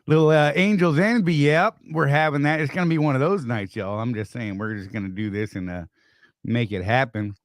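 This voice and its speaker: A man's voice: mid-range voice, moderate pace, dry recording, clean studio sound. An older man co-hosting a casual live stream, joking, teasing and greeting viewers by name.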